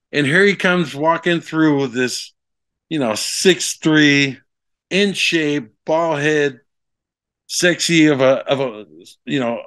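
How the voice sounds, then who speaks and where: A man from Hawaii, a guest telling stories at length, rambling and animated with many fillers. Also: mid-range voice, dry recording. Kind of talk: storytelling interview.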